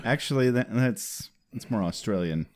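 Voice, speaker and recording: A man's voice: mid-range voice, animated, moderate pace, a little mellow. A man co-hosting a podcast in casual chat, joking and laughing often. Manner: laughing, joking, tries silly accents. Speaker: podcast co-host.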